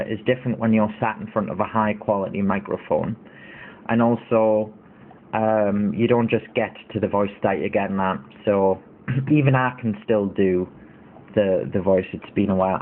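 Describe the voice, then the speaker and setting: A man in his thirties hosting a casual livestream, rambling and indignant, with lots of fillers. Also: lowish voice. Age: 30s. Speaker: livestream host. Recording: tinny phone-like audio.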